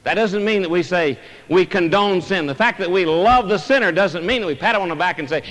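A pastor preaches earnestly from the pulpit, a man with a notably high-pitched voice. He presses his points with emphatic rises and falls. The sound rings with the long reverb of a large church sanctuary. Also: animated, brisk, few pauses, fairly bright tone. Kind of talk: sermon.

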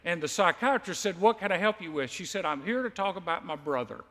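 A man preaching a sermon, telling a story with lively asides and acting out the quotes. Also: high-pitched, fairly quick, long reverb tail.

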